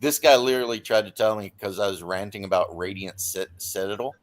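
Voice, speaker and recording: Ranting low-voiced male host. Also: a little fast. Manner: ranting, animated storytelling. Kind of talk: casual chat.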